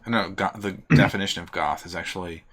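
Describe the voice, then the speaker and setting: A man's voice: sits low, fast, fairly bright tone. A man co-hosting a casual podcast chat, thinking aloud in a hesitant, musing way. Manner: musing, hesitant, lots of "like" fillers. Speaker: podcast co-host.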